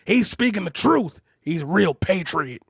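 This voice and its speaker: A man doing a bombastic conspiracy talk-radio pundit who preaches loudly in a high voice. The sound is dry and close, with no room around it. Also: expressive, a little slow, vocal fry, slightly rough, no echo, heavily acted. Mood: blustering.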